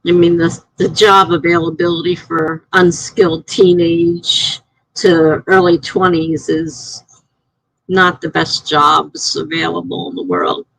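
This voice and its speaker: A middle-aged woman hosting a live stream, chatting casually and rambling through stories, getting animated when she is indignant. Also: lowish voice, takes it slowly, gravelly, poor audio. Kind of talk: casual live-stream chat reading comments.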